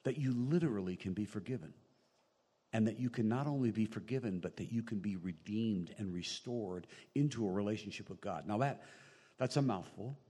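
A man preaching a sermon in a small room, animated and quoting scripture, joking now and then with the congregation. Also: fairly low pitch, brisk, husky, long reverb tail. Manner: animated, rising loud on emphasis, quoting scripture; jokey asides to the congregation. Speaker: pastor. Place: small room with long reverb.

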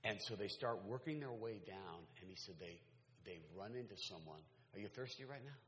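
A man's voice: lowish voice, expressive, moderate pace, a bit bright, a little hiss or hum. A man preaching a sermon as a pastor, telling stories in a conversational way with asides to the audience. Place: large hall. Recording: echoey hall, faint ambience.

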